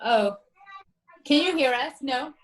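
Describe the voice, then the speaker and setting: A woman's voice: sits high, expressive, takes it slowly. A woman on a video call asking whether she can be heard.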